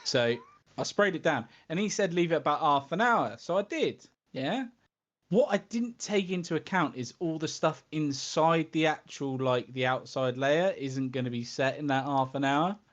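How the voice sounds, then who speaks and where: Animated man telling a story. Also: fairly high pitch, moderate pace, muffled recording. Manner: animated storyteller, says "mate" and "yeah?". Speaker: podcast co-host. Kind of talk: casual chat.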